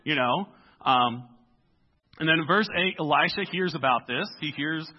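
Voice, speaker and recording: A man preaching a conversational sermon, telling a scripture story in a lively, animated way and acting out the characters in casual voices. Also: fairly high pitch, moderate pace. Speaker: pastor. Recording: dull lo-fi sermon recording.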